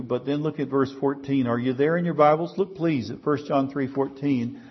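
A man's voice: medium pitch, normal speed, husky, highs cut off. A male pastor preaching a sermon in a conversational way, asking his congregation rhetorical questions.

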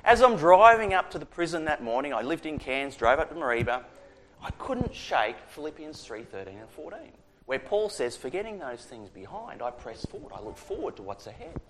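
A man's voice: a little high, moderate pace, slight background noise. A middle-aged Australian man, a prison chaplain, telling a personal faith story in a conversational way, acting out the dialogue. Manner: conversational, animated retelling with quoted dialogue. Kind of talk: storytelling testimony.

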